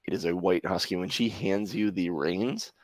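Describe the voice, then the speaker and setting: A man running a tabletop game as game master, narrating in a relaxed, halting way with many fillers. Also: sits low, no room sound.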